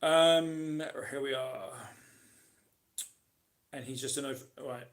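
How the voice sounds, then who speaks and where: A man hosts a casual live Q&A stream, reading viewers' comments and answering in a rambling, chatty way full of ums and restarts. His mid-range voice is steady and slow.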